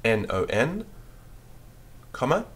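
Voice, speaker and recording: This beginners' French lesson is taught by a man whose medium-pitched voice is husky, slightly bright, and sing-song. He dictates slowly and patiently, spelling out words letter by letter.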